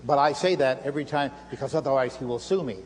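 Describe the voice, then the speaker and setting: A fast-talking older man with a mid-range, slightly mellow voice gives a live stage lecture with magic demonstrations. He keeps up a playful, self-mocking showman's patter before an audience in a lecture hall. Audience laughter sounds behind him, and the live hall recording has a faint hum.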